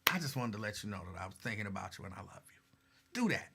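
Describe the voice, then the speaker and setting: A man's voice: lowish voice, very animated, fast, background noise. A man hosting a live talk stream, chatting casually and reading viewer comments aloud in a laid-back, way. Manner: laid-back, chatty, signs off with warm advice.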